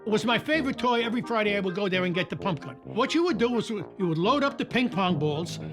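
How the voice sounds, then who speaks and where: Old New man, lively anecdotal storyteller, high voice, soft music underneath. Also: fast. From New York. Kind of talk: documentary interview.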